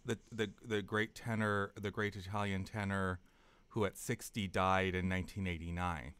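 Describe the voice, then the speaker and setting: A man's voice: low voice, flat delivery, normal speed, a bit bright, smooth, no room sound. A man hosting a casual interview, asking questions and adding playful quips. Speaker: host. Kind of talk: casual video-call interview.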